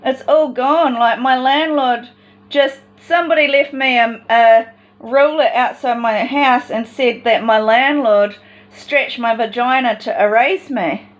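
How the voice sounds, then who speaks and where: A woman's voice: a little high, measured pace, dull audio. A woman in a personal vlog monologue, talking in an agitated, rambling and distressed way.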